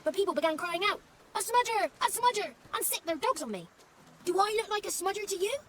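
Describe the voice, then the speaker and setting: A woman's voice: very high-pitched, lively intonation, quick pace, a bit bright, a little hiss or hum. A woman voicing a small, impish male forest spirit in a video game, chatty, crude and theatrical, savouring silly words. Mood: rambling storytelling. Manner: playful, theatrical, relishing tongue-twisters.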